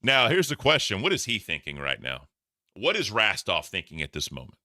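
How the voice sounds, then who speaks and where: A man's voice: fairly low pitch, wildly swooping pitch, brisk, pushed and bright, dry recording, clean studio sound. A man reacting to clips for his stream chat in casual, profane commentary. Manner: profane, laughing, talks to chat.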